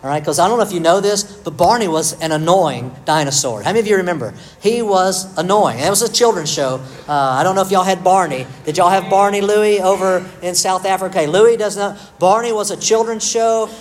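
A middle-aged man delivers a sermon like a chat with friends, poking fun at himself and calling on people in the pews. His voice sits a little high for a man. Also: fairly quick, few pauses, low-quality recording. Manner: conversational, self-deprecating, addresses the congregation by name. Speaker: pastor.

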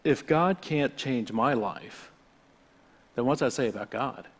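A man delivers a relaxed, conversational sermon, drifting through asides and restarting his thoughts. When he reads scripture he slows to a deliberate, careful pace. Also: medium pitch, breathy edge. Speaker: pastor. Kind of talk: informal sermon.

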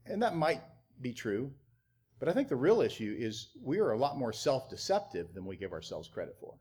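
Lively-pitched male preacher with mocking asides. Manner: animated preaching with mocking acted-out quotes. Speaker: pastor. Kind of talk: sermon.

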